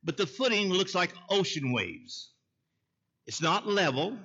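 A preacher tells a story from the pulpit in a folksy way, checking in with his listeners as he goes. His voice is bright and tense and sits a little high for a man. The recording is muffled and lo-fi. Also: very animated, a little slow, husky. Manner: folksy, calls out to the congregation. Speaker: pastor. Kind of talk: sermon with storytelling.

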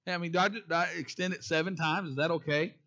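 Bright high-voiced preacher. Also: male voice, fairly even intonation, quick pace, dull audio. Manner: repeats key phrases, asks the congregation questions. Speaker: pastor. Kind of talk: sermon.

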